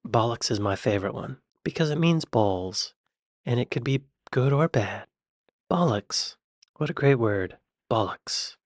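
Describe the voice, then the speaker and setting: A man's voice: mid-range voice, animated, moderate pace, a little mellow, no room sound, clean studio sound. An American man hosting a reaction video, musing and amused as he reacts casually. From United States. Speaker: reaction channel host.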